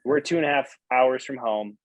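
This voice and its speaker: A man's voice: mid-range voice, moderate pace, dry recording, rough recording. A man in a casual podcast chat, telling a story animatedly and swearing casually.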